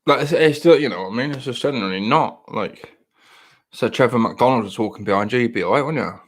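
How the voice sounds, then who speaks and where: A man's voice: medium pitch, fast talker. A young English man in casual podcast chat, blunt, profane and rambling. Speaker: podcast host.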